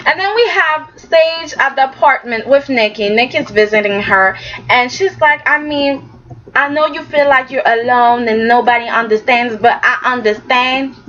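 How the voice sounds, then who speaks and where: A woman's voice: high voice, normal speed, a bit bright, dull audio, slight background noise. A woman recapping a soap opera episode in a casual, sassy vlog, acting out the characters' lines as she goes.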